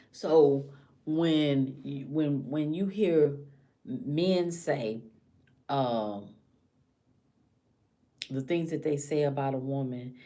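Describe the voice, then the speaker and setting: A woman with a low, mellow voice vlogs in a casual monologue to camera. She speaks with passion, slipping into hushed whispers as she acts out a frightened woman's thoughts.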